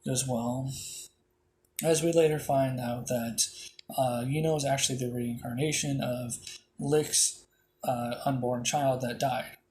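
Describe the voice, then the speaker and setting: A man's voice: medium pitch, fairly even intonation, unhurried, a little mellow, slight background noise. A man casually retelling a fan-made story, rambling with many fillers and restarts.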